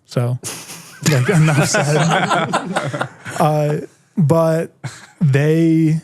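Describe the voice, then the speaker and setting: A man in his twenties, a podcast guest telling stories in casual chat, animated and full of "like" fillers. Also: on the high side, extremely slow, very noisy. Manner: animated storyteller, heavy "like" filler.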